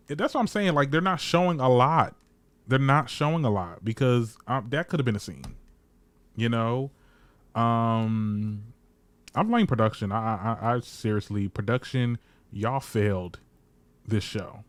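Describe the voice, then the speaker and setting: A man's voice: lowish voice, normal speed, no echo. A man recapping a reality TV episode in casual, shady commentary, swearing freely and voicing the cast in quotes. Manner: chatty, shady, swears freely, animated quoting. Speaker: reality TV reviewer.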